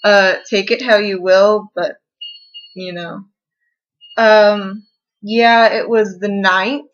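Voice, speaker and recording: A woman's voice: medium pitch, steady tone, lo-fi sound. Tearful young woman rambling in her bedroom. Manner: rambling, halting, with many fillers and restarts. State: tearful, upset. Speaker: vlogger. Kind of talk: confessional vlog.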